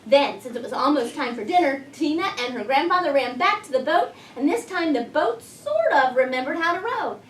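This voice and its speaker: A woman teacher doing an expressive read-aloud, stopping often to ask her class questions. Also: high-pitched, a little fast, hardly any pauses, slight background noise. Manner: expressive storytelling, prompting children. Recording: echoey room, voice from far off.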